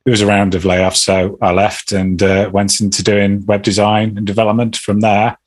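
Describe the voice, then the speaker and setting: A man's voice: fairly low pitch, monotone, moderate pace. A middle-aged man answering interview questions in a hesitant, rambling way with many restarts. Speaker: podcast guest.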